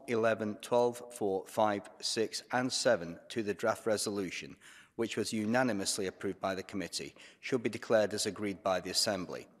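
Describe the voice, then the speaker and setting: A man presides over an assembly session, calling speakers and running votes in a formal, procedural manner. His voice sits on the low side and carries the long reverb of a large chamber. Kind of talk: procedural chairing.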